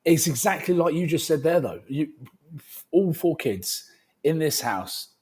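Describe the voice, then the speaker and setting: A man's voice: a little high, big pitch swings, a little slow, a little mellow, husky. A man co-hosting a rugby podcast, telling joking stories in casual banter. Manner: joking, banter-heavy storytelling. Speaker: podcast co-host. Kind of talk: casual chat.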